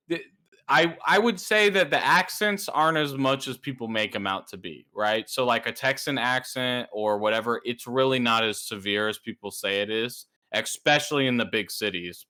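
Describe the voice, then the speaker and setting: A man with a bright, forceful voice, co-hosting a casual podcast. He tells stories in an animated way and leaps up in pitch when he imitates others. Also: normal speed, smooth. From New Mexico. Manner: animated storytelling, jumps high to mimic others. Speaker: podcast co-host. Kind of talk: casual chat.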